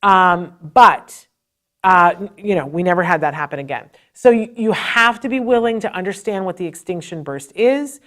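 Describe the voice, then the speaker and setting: A woman's voice: on the low side, normal speed, a bit bright. A middle-aged woman speaks as a podcast host, sharing a personal parenting story. Her delivery is earnest and emotional, conversational with fillers and restarts. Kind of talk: personal storytelling advice talk.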